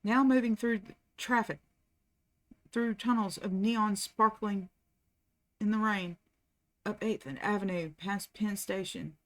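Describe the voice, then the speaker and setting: A woman's voice: medium pitch, fairly even intonation, slow pace, long pauses. Woman reading a novel aloud. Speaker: channel host reading aloud.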